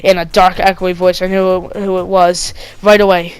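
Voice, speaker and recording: A woman's voice: fairly low pitch, level tone, moderate pace, smooth, dry recording, low-quality recording. Sarcastic woman reading a spooky story. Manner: sarcastic, wry asides. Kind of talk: reading a creepy story aloud with commentary.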